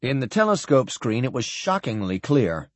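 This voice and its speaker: A man giving an expressive scripted narration of a science fiction novel. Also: mid-range voice, normal speed, no echo. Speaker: audiobook narrator.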